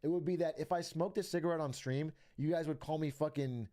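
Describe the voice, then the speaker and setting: A man's voice: on the high side, fairly quick, dark tone. A young man streaming, chatting casually with viewers in a rambling, profane way and laughing often. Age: young adult.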